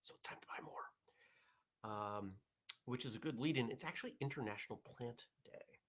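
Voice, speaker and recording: A man hosting a casual morning vlog show, chatting in a relaxed, rambling way as he reads viewer comments. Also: medium pitch, normal speed.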